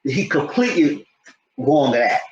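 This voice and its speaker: A man giving a rambling, animated recap of a TV episode in a casual commentary style. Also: a little high, moderate pace, lo-fi sound, a little hiss or hum. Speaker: TV show reviewer. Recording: roomy echo.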